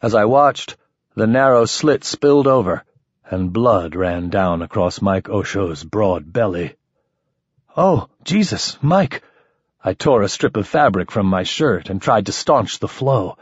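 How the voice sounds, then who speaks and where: A man narrating a first-person story in an expressive, lively manner. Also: on the low side, measured pace, husky, dry recording, highs cut off. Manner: expressive, shifting voices for characters. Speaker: audiobook narrator.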